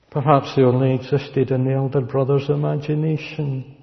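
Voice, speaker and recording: A man preaching a sermon, slow and deliberate, repeating key words for weight. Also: medium pitch, level tone, gravelly. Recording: dull recording with long hall reverb.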